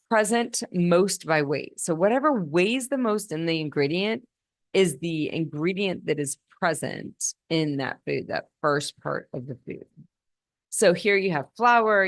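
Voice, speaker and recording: A woman physician gives a teaching talk on nutrition in a low voice. She explains step by step and sometimes restarts a phrase. The sound is dry and close. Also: dry recording. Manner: explanatory, with frequent restarts and slow emphasis. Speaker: physician and podcast host.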